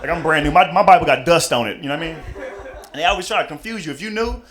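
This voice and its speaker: A man's voice: on the high side, very fast, crowd noise. A young man doing a stand-up routine in a chatty, rambling way with many asides, speaking on a comedy stage into a handheld mic.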